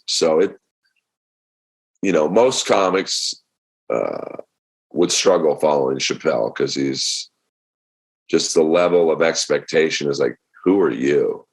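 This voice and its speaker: A middle-aged man with an extremely low, deep voice tells comedy stories on a podcast. He talks casually and acts out the other people's lines with lively energy. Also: slightly rough. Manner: animated storyteller acting out quotes. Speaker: comedian guest.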